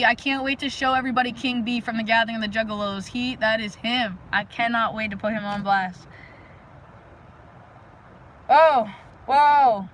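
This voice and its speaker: A woman hosting a casual live stream outdoors, talking energetically and rambling to her viewers with lots of fillers and sudden loud bursts. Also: on the high side, steady tone, normal speed, low-quality recording. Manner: frequent "like" fillers. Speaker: livestream host. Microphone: phone live stream.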